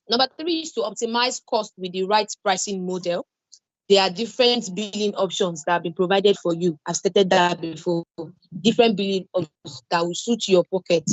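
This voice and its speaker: A woman's voice: mid-range voice, no echo. Woman, Nigerian English accent, online cloud lecture, repeats points, reassuring, dull dry lo-fi audio. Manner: repetitive, reassuring, explains with everyday examples. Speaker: cloud security instructor.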